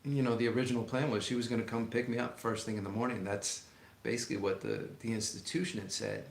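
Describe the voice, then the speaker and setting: Calm guy, gravelly mid voice, chatting easy, echoey room. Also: mid-range voice, fast talker. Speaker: co-host. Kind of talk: casual chat.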